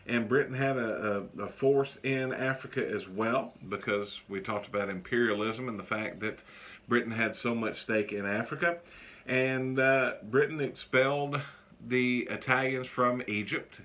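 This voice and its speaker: A male teacher giving a casual classroom lecture, joking often and pausing on many fillers. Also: mid-range voice, fairly even intonation, fairly bright tone.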